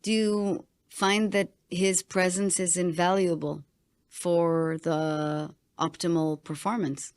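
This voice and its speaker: A woman's voice: lowish voice, flat delivery, slow, a little mellow, smooth. A middle-aged woman coach hosting an interview, reflective and affirming, asking probing questions. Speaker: coach and podcast host. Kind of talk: conversational interview.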